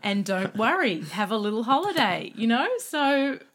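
A woman's voice: a little high, sing-song, moderate pace, a bit bright. A woman co-hosting a casual health podcast, chatty and affirming. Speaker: Chinese medicine practitioner co-host.

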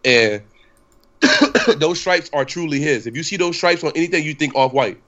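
A man's voice: fairly high pitch, animated, moderate pace, bright, forceful tone. Young male podcast host, loose ranting delivery, slightly dull recording. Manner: rambling, profane, lots of fillers and restarts. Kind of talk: casual podcast chat.

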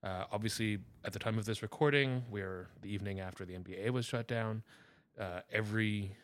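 A man's voice: on the low side, a little fast, no echo. A man co-hosting a podcast, casually explaining and checking facts. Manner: informative, fact-checking. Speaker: podcast co-host. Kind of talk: casual chat.

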